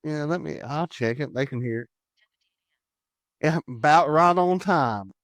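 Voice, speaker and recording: A man from the United States hosts a podcast in a loose, joking chat. His voice is smooth and clear, and the sound is dry and close. He laughs easily between his lines. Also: fairly high pitch, measured pace, a bit bright, no echo. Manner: jokey and chatty, laughs often. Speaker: podcast host. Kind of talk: casual chat.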